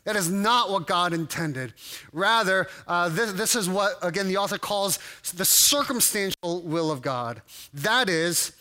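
A man's voice: high voice, animated, a little slow, bright, forceful tone. A man preaching a sermon to a congregation, conversational and full of restarts and fillers. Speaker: pastor.

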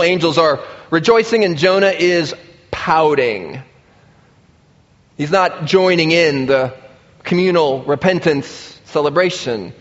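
A man preaching a sermon, lively and expressive, acting out the voices of the people he quotes. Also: on the high side. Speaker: pastor. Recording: muffled sound with long reverb in a large hall.

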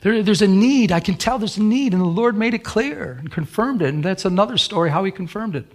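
Earnest man preaching, higher voice. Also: expressive, brisk. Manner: earnest storytelling with frequent restarts. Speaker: pastor. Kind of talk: sermon with personal story.

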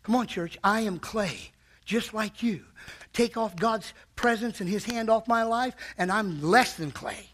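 A man's voice: sits high, measured pace, fairly bright tone. A man preaching a fervent sermon in a church, calling out to the congregation.

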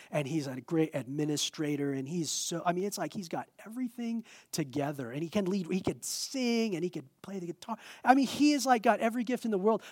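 A male pastor preaching a sermon in a lively, conversational way with self-deprecating humor. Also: a little high, dry recording, clean studio sound.

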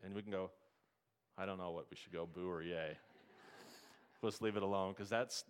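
A man preaching a sermon in a church, retelling scripture stories with lively asides and questions to his congregation. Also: low-pitched, normal speed. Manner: storytelling preacher, asks the congregation questions, acts out the story's characters. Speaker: pastor.

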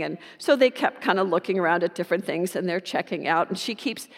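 A woman preacher telling a story in a sermon, in an unhurried, warm anecdotal way. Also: fairly low pitch, sing-song, gravelly, big-room sound.

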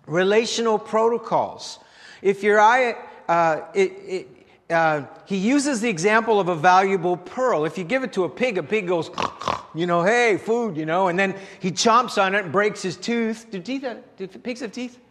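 A man's voice: high voice, fairly bright tone. A man preaching a sermon in a conversational way, often repeating words and asking the congregation rhetorical questions. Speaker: pastor. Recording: long hall reverb.

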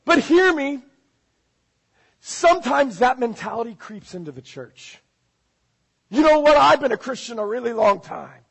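A male pastor delivers a sermon with a high, husky voice. He swings from loud, urgent appeals to low, hushed intensity. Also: very animated, a little slow, long pauses, poor audio. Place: church.

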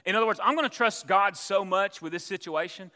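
Man preaching, bright forceful voice, storytelling delivery, echoing church hall. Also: high-pitched, brisk. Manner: storytelling preacher, acts out voices in his tales. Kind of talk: sermon.

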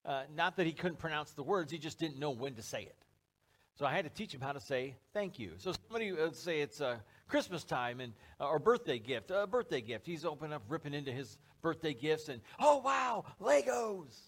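A man's voice: a little high, animated, a little fast. A man preaching a sermon to a church congregation, speaking in a conversational, joking way. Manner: conversational, joking, acts out little scenes. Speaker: pastor. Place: church service before a live congregation.

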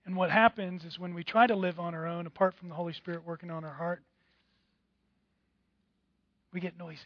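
A pastor preaches with a high, lifted voice, throwing himself into little acted-out voices of other people. The recording is dry and a bit dull, with no room sound. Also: male voice, steady tone, fast talker, no room sound. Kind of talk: sermon.

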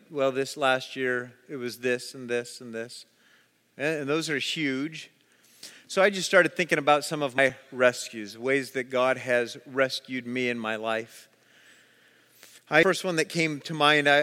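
A high-pitched, bright male pastor preaches in a large hall with a long reverb tail. He tells stories with lots of energy and acts out the voices in them. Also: clear, resonant tone. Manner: storytelling, animated, acts out voices. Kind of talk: sermon.

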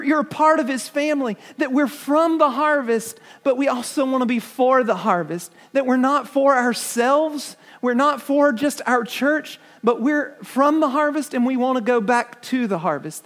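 A man's voice: very high-pitched, normal speed. A man preaching a sermon to his congregation, earnest, often repeating words and asking the listeners questions. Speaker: pastor.

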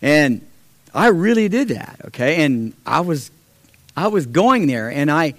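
A middle-aged man telling a personal testimony to a church, animated, acting out the voices in his story and swinging from loud to hushed. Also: a little high, a little slow, no echo. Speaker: church speaker sharing a testimony.

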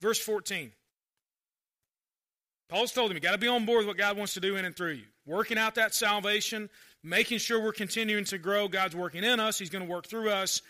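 A male pastor preaching a conversational sermon, swinging between loud emphasis and quiet asides. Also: high-pitched, fairly quick.

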